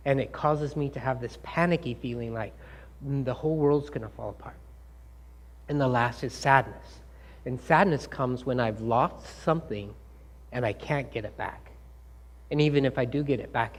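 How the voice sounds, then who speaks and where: Guy giving a talk to a crowd, asks them stuff, acts out the scolding lines, kinda high voice. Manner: engaging, asks the audience questions and acts out quoted scolding. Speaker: speaker. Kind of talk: lecture to a live audience.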